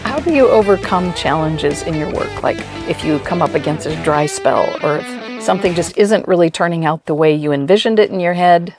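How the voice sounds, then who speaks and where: A woman's voice: lowish voice, animated, a little fast, hardly any pauses, music in the background. A woman hosting an interview, asking questions and encouraging her guest with short responses. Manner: curious, encouraging listener with short backchannels. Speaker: podcast host.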